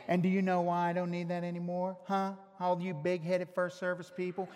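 A male pastor preaching a sermon, teasing his congregation and swinging from loud shouts to hushed, drawn-out emphasis. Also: high voice, completely flat delivery, clean tone. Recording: long reverb of a large hall.

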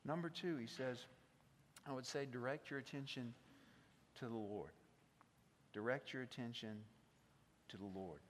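A man with a South Mississippi accent preaching a sermon, swinging between loud passion and hushed intensity. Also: medium pitch, a little slow, pauses often, long reverb tail, slight background noise. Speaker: pastor.

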